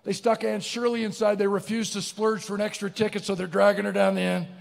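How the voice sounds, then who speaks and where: A middle-aged man giving a comic, animated motivational speech, telling a story to a live audience. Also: high voice, fast talker, creaky. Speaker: keynote speaker. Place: large barn event venue, live audience. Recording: long hall reverb.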